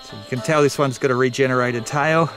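A man's voice: mid-range voice, steady tone, a little fast, over music, rough recording. A man with an Australian accent hosting a wildlife vlog outdoors by a creek at night, chatty and calling the animals mate. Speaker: wildlife vlogger host. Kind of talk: casual field narration. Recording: outdoor recording with loud insects. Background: crickets and insects.

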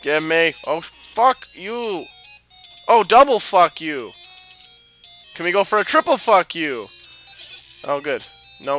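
Man, let's play commentary, profane, excitable, self-mocking, slightly high voice, bright tone.

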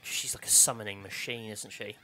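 A man's voice: on the low side, steady tone, a little fast, sharp tone, slight background noise. A man co-hosting a let's play, chatting casually and joking with his co-host as he plays. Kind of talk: casual gameplay chat.

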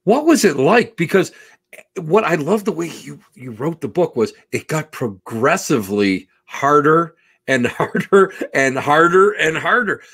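Rambling, excitable male podcast host. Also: fairly high pitch, a little slow, breathy edge. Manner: enthusiastic, rambling, swings loud and soft. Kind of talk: casual interview.

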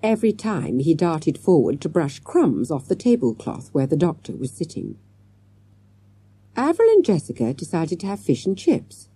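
A woman with a very dark, husky voice reads a storybook aloud. Her pitch sits low but moves a lot, and the recording is close and dry. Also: no echo. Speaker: audiobook narrator. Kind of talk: storybook narration.

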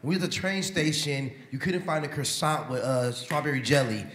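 A man's voice: mid-range voice, fairly quick, fairly bright tone. A man in the audience asking playful, teasing questions at a live event. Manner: joking, teasing. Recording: echoey hall with audible noise.

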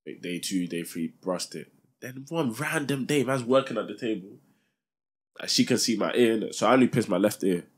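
Low-voiced young man, laid-back. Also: expressive, a little fast, husky. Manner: laid-back, sprinkles "innit" constantly. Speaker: podcast co-host. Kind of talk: casual chat, storytelling.

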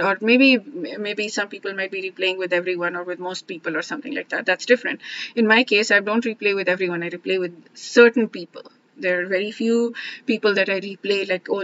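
Soft-spoken woman musing with many restarts. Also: medium pitch, muffled recording. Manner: thoughtful, many restarts and asides, trails off softly. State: briefly emotional, near tears. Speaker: self-help vlogger. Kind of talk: casual reflective monologue.

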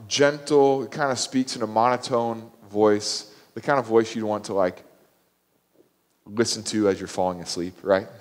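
A man preaching a sermon as pastor, animated and acting out the quoted voices with rising intensity. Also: medium pitch, big-room sound. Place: church sanctuary.

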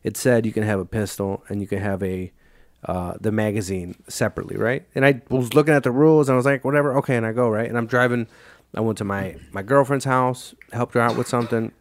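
Fast-talking, profane young podcast host. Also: male voice, fairly low pitch, steady tone, dry recording. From Illinois, United States. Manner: profane, rambling, quotes himself and others. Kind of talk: casual storytelling chat.

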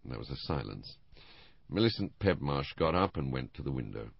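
A man narrating an audiobook in the first person, measured and steady. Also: rumbling low, creaky, slightly rough, no room sound, dull audio.

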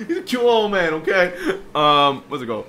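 A young man with a slightly high voice, co-hosting a casual podcast and telling a long profane story. He jumps into quoted voices, animated and loose, with a faint hiss of noise behind him. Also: normal speed. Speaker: podcast co-host.

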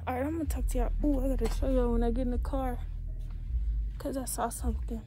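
A woman's voice: high-pitched, fairly even intonation, fast talker, warm tone, slight background noise. A young woman vlogging casually on her phone, chatting to viewers in a slangy, talkative way as she runs errands. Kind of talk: casual vlog talk to camera. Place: in and around a parked car and stores. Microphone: phone held in hand.

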